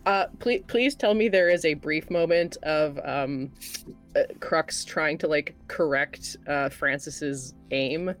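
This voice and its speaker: A player in a live tabletop game, giggly and lively. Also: medium pitch, slow pace, faint music behind.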